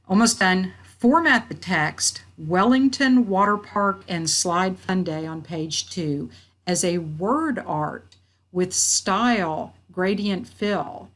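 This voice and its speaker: A woman instructor walking through a software tutorial, reading out each step and checking her work as she goes. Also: lowish voice, expressive, takes it slowly. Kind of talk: screen-recorded software tutorial. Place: at a computer.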